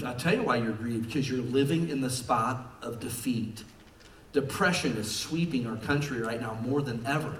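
A male pastor preaching a passionate sermon to his church, swinging from quiet talk to shouting. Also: on the high side, a little hiss or hum. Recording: echoey church room from far off.

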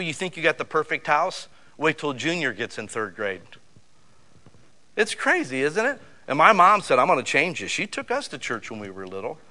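A man preaching a sermon, telling folksy stories with lots of rhetorical questions and asides like "you know" and "man.". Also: a little high. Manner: animated storytelling with rhetorical questions. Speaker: pastor.

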